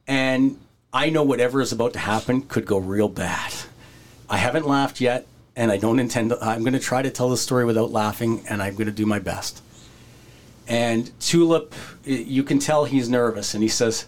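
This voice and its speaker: Animated storytelling man. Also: mid-range voice, moderate pace. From Canada. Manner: animated, acts out quoted voices, breaks into laughter. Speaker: podcast host telling a wrestling story. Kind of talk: casual storytelling.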